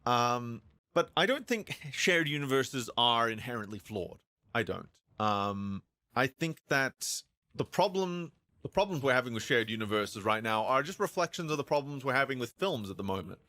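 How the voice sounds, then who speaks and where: Bright, stammering male streamer. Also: medium pitch, moderate pace, no echo. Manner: stammering, animated, acts out both sides of imagined dialogue. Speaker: streamer discussing films. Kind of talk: casual rant on a livestream.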